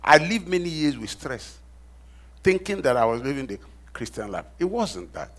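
A man's voice: mid-range voice, big pitch swings, moderate pace, a bit bright. A middle-aged male pastor preaching a sermon. He repeats key phrases and prompts the congregation to finish his sentences.

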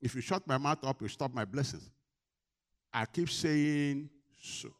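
Emphatic preaching man, loud-then-quiet. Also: medium pitch, unhurried. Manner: emphatic preaching with call-and-response questions, swinging between loud and quiet. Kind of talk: sermon.

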